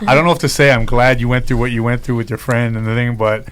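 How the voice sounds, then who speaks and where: A man's voice: mid-range voice, steady tone, fast talker, fairly bright tone. A man hosting an interview, chatting casually and eagerly encouraging his guest. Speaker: interview host.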